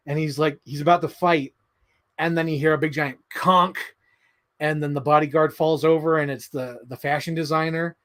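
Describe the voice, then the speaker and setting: Young man, slightly high voice, excitable, casual livestream chat, swears and laughs. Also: moderate pace. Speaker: livestream host.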